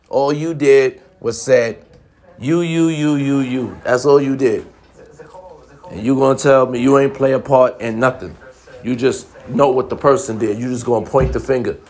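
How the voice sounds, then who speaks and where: A man's voice: mid-range voice, moderate pace, darkish tone. Blunt, profane man lecturing. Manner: repeats lines for emphasis. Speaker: commentator giving relationship advice. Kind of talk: casual monologue.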